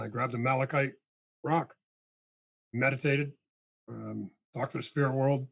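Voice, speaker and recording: An older man, a podcast guest, telling a long story in casual talk and acting out the dialogue with a husky voice. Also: mid-range voice. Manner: animated storyteller, acts out dialogue, swears casually.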